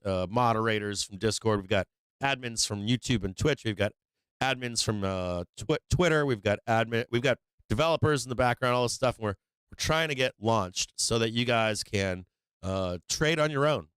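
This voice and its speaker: A man hosting a live trading stream, talking casually and excitedly, swearing freely and laughing often. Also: on the low side, clear, resonant tone, dry recording. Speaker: livestream trading host. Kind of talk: casual livestream chat.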